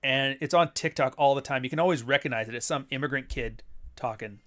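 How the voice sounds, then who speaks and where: A man talking loosely and profanely, with a pitch that sits in the ordinary middle range. He rants in an offhand way and drops short chuckles between his points as a casual talk host. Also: fast, fairly bright tone. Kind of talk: casual chat.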